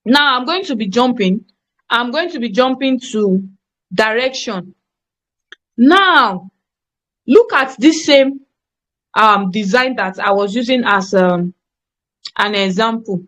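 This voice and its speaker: A woman's voice: a little high, lively intonation, slow pace, long pauses, fairly bright tone. Emphatic woman teaching design. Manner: emphatic, repetitive, checks on students. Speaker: graphic design tutor. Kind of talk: live online class teaching.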